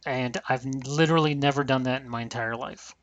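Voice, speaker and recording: A man hosting a gaming podcast, rambling through blunt, profane opinions. His voice is bright and forward, and the recording is dry and close. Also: medium pitch, steady tone, fairly quick, no room sound, muffled recording. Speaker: podcast host. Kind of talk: casual podcast chat.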